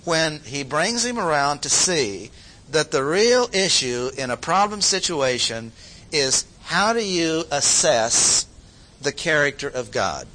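Emphatic preacher man, bright tone. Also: sing-song, rough recording. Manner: emphatic, slow repeated phrases with sudden pitch jumps. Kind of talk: sermon.

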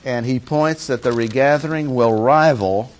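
A man's voice: medium pitch, normal speed. A man teaching through a Bible passage verse by verse, stressing key words by repeating them.

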